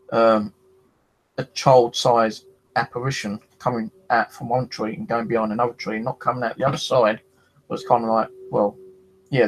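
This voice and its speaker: There's slight background noise and low recording quality as a man with a mid-range, fry-tinged voice shares his paranormal experiences. The paranormal investigator's casual storytelling rambles, full of free cursing and "you know" fillers.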